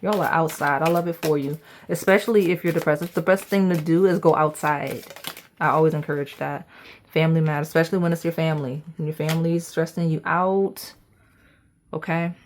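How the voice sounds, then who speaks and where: A woman's voice: sits low, fairly even intonation, fairly quick, slight background noise. A woman reading tarot cards in a chatty, playful way, talking straight to her viewers. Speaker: tarot reader. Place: indoors at a table.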